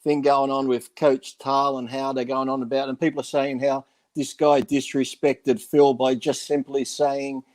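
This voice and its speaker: A man's voice: medium pitch, level tone, normal speed, few pauses, darkish tone. A man on a podcast, a former bodybuilder, telling rambling backstage stories, swearing freely and acting out what others said. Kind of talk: casual chat, storytelling.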